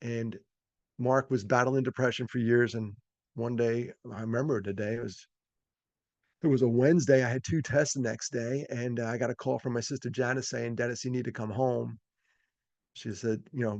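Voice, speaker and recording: A man's voice: mid-range voice, fairly even intonation, moderate pace, a little mellow, no echo. A middle-aged man from New York telling personal stories in a folksy, self-deprecating way, full of fillers, over a video call. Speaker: speaker. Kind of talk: storytelling talk.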